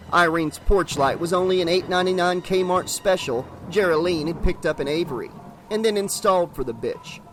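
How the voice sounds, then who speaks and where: Man, horror audiobook narration, higher voice, faint music behind.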